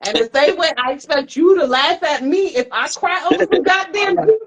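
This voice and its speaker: A woman's voice: extremely high pitch, expressive, normal speed, crowd noise. A young woman co-hosting a casual talk show, teasing the others and laughing often. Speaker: podcast co-host. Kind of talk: casual group chat.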